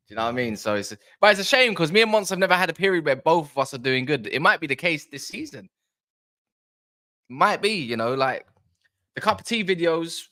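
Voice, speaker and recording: A man hosting a casual football fan live chat, excitable and rambling, bantering with viewers' comments. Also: fairly high pitch. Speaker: football fan livestream host.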